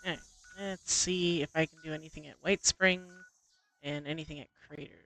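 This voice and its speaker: A man's voice: on the high side, fairly even intonation, brisk, vocal fry, pushed and bright. A man playing alongside a streamer, giving offhand running commentary on his own play over game voice chat. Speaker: co-op player.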